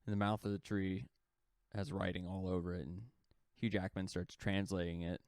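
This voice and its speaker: Low smooth-voiced guy rambling through a story. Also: level tone, moderate pace, darkish tone, dry recording. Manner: rambling, heavy use of "like" fillers; swearing, acts out quoted lines. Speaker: podcast co-host. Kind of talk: casual storytelling.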